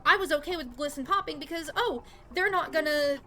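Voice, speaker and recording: High-voiced young woman streamer ranting. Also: brisk, bright, forceful tone, slight background noise. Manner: frustrated, swearing, exclaiming. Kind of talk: live gameplay commentary.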